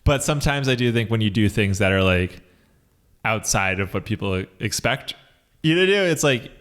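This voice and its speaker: A man's voice: lowish voice, lively intonation, moderate pace, fairly bright tone. A young man, a comedy writer, co-hosting a podcast and chatting in a rambling, reflective way with lots of fillers. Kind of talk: casual comedic chat.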